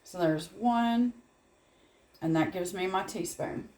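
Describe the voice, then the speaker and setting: A middle-aged Southern woman walks through a homemade recipe in an easygoing, rambling way. She drifts into asides and small laughs as she goes. Her voice sits at an ordinary, middle pitch. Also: slow, warm tone. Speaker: home cooking channel host. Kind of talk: casual cooking demonstration.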